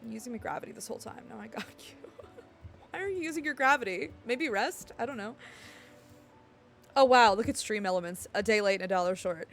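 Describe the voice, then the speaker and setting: A woman streaming a game live, chatting casually with her viewers in a playful, excitable way. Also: a little high, brisk, slight background noise. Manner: playful, excitable, jokes with chat. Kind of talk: casual live-stream chat while gaming.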